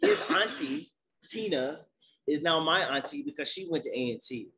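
Man, podcast host, upbeat, playful, slightly higher voice. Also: normal speed, slight background noise. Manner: energetic, playful hype when introducing guests. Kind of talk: casual live podcast conversation.

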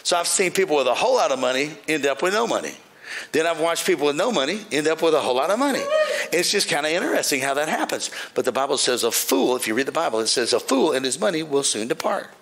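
A male pastor preaching a sermon with jokes, swinging between shouted praise lines and quiet, dry asides to the congregation. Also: fairly high pitch, big pitch swings, quick pace.

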